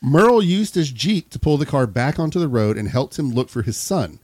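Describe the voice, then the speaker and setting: A man reads a story aloud on a comedy podcast, his pitch swinging up and down as he goes. His voice is close and dry, with no room around it. He drops out of the reading now and then to trade jokes. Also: lively intonation, moderate pace, a little mellow, no room sound. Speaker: podcast host.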